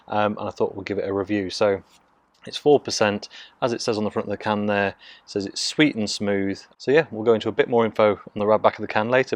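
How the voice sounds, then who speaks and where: A man, from Nottingham, casually reviewing a beer in hushed, half-whispered tones, recorded on a phone mic out in his garden. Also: fairly low pitch, no echo. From Nottingham, England. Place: outdoors in a home garden.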